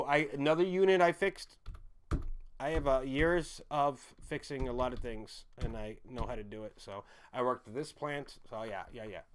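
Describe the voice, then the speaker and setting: A young man streamer chatting casually, rambling, repeating himself and often apologizing. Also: mid-range voice.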